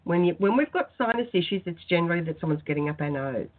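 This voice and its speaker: A woman, speaking in a soft, earnest, heartfelt way as a spiritual guest on a talk radio show. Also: lowish voice, lively intonation, quick pace. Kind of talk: phoned-in radio chat, guided prayer. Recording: tinny phone-line sound.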